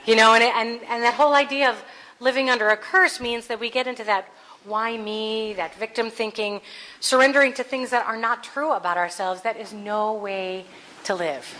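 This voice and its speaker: A woman's voice: fairly high pitch, fairly even intonation, normal speed, pushed and bright, slight background noise, rough recording. A woman preaching a conversational Sunday sermon, earnest with playful asides. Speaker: minister.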